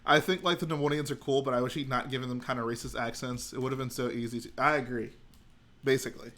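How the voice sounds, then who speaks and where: A man hosting a livestream from home, chatting in a loose, rambling way as he works. His voice sits at an ordinary middle pitch, and he thinks aloud as he goes. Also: steady tone, quick pace, a bit bright. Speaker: livestream host. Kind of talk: casual chat while building.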